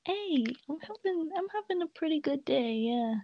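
A woman's voice: high-pitched, expressive, normal speed, muffled recording. A young woman co-hosting a podcast in casual chat, giggly and playful. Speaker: podcast co-host. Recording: faint background noise.

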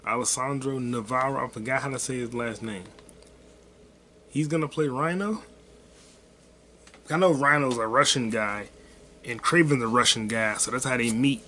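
A man's voice: medium pitch, normal speed, long pauses, sharp tone. Rambling, profane male podcast host. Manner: rambling, profane, offhand and self-deprecating. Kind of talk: casual solo podcast rant.

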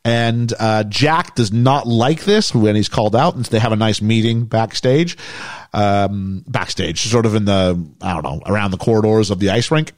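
A man's voice: lowish voice, moderate pace, no echo, clean studio sound. A man hosting a casual podcast chat, recapping a movie in a jokey, storytelling way. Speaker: podcast host recapping a film.

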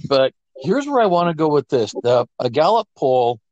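A man talks through current affairs with emphatic, deliberate phrasing. His voice sits a little high. The recording is dry and close, with no room sound. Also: sing-song, darkish tone, no room sound, dull audio. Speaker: co-host. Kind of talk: casual political talk.

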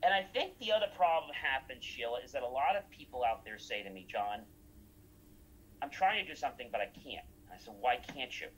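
A man's voice: mid-range voice, expressive, fairly quick, slightly rough, rough recording. Man telling stories in casual chat. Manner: acts out quoted dialogue.

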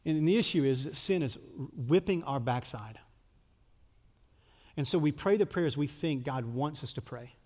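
A man preaching a conversational sermon, acting out prayers and shifting from lively, loud stretches to soft, intimate ones. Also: a little high, normal speed, long reverb tail. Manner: conversational, acts out prayers and dialogues, drops to soft intimate tones. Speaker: pastor.

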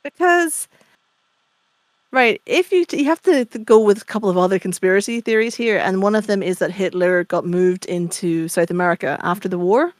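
Opinionated woman podcast co-host, mid-pitched and chatty, dry video-call sound. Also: moderate pace, no room sound. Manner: chatty, opinionated, explains with gusto. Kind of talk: casual chat.

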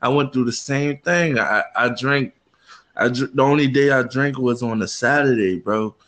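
A man's voice: medium pitch, moderate pace, a bit bright, poor audio. A man hosting a casual podcast chat, talking in an earnest, heartfelt way and calling his co-host "bro" again and again.

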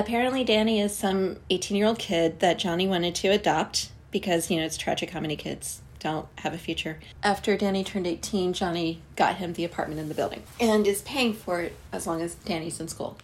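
Woman, sarcastic movie commentary, dry riffing, faint background noise. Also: lowish voice. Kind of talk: running commentary while watching a movie.

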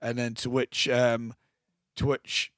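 A man's voice: medium pitch, little pitch movement, slow pace, fairly bright tone, no room sound, studio quality. A young man, co-hosting a podcast and chatting animatedly with lots of fillers. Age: young adult. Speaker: podcast co-host. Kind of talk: casual chat.

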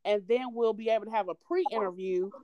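A woman's voice: medium pitch, fairly quick, muffled recording. A woman from North Carolina with a Southern accent, guesting on a podcast and talking with bubbly enthusiasm. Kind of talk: casual interview.

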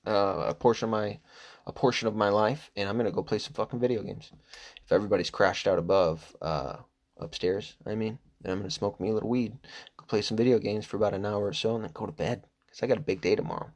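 A man's voice: on the low side, fairly even intonation, fast. A middle-aged man hosting a podcast, talking in a crude, rambling, casual monologue and laughing at himself. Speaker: podcast host.

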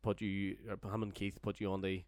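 Low-voiced man telling a tale. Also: monotone, brisk, darkish tone, dry recording, studio quality. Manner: rambling, sweary, laughing storyteller. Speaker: storyteller guest. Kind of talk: casual podcast anecdote.

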